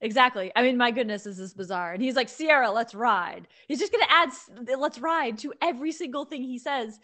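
A woman co-hosting a sports talk show, sarcastic and animated as she riffs. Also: high voice, fast talker.

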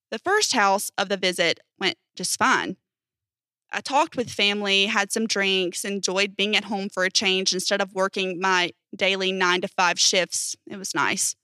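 A woman's voice: medium pitch, bright, forceful tone, dry recording. A woman reading strange first-person stories aloud in a casual storytelling manner, with emphatic swearing. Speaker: narrator reading posts.

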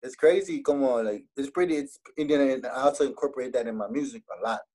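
Young laredo dude in an interview, husky voice, border accent, drops spanish into his english, laid-back. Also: mid-range voice, fast talker, warm tone, poor audio. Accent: Texas border Mexican-American. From Laredo, Texas. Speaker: interview guest, rapper. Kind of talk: casual interview chat.

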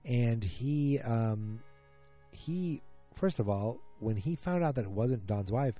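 A man's voice: mid-range voice, lively intonation, slow, dark tone, soft background music. A man casually recapping a TV episode, rambling with lots of fillers and restarts.

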